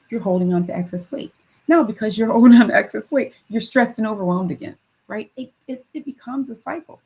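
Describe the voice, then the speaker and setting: Female weight-loss coach, middle-aged; mellow, husky voice; energetic live-stream talk full of rhetorical questions. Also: low voice, low-quality recording.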